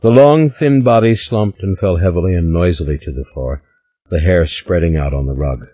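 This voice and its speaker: Low husky guy reading an audiobook, dramatic, kinda muffled. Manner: measured, dramatic. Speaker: audiobook narrator. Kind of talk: scripted narration.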